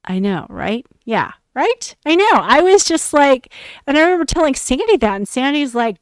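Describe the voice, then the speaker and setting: A woman's voice: high-pitched, lively intonation, normal speed, no room sound. A young adult woman hosting a podcast, telling a story in an exasperated, profane, emphatic rant. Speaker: podcast host.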